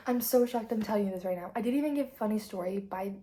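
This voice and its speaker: A teenage girl on a casual vlog, gushing and excitable, full of "like", sometimes dropping to a whisper. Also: mid-range voice, fast talker, slight background noise. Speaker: book vlogger. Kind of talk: casual chat.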